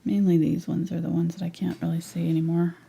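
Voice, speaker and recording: A middle-aged woman gives a live painting lesson in a husky voice. She chats her way through each step and now and then drops to a murmur as if talking to herself. Her tone stays low and mellow. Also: level tone, fast talker. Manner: chatty, thinks aloud, drops into whispers to herself. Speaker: painting instructor.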